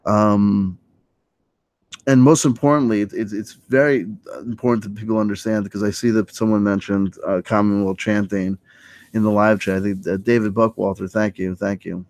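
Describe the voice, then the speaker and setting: A man with a fairly low voice talks through a late-night livestream monologue, circling and restarting his thoughts. His delivery is loose and hesitant. The sound is dry and close, with no room around it. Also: normal speed, no echo. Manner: rambling, hesitant, full of restarts, animated when quoting. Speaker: livestream host.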